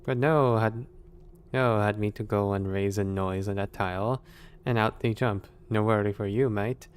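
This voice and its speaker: A man voicing a weary male thief informant with a rough, folksy put-on accent and clipped old-fashioned phrasing. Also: lowish voice, measured pace, natural voice. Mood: grumbling. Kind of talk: reading a game note aloud in a voice.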